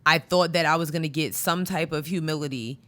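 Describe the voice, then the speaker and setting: A woman's voice: deep voice, a little fast, a bit bright. A woman co-hosting a podcast in casual chat, talking in a reflective, conversational way and pressing hard on key points. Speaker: podcast co-host.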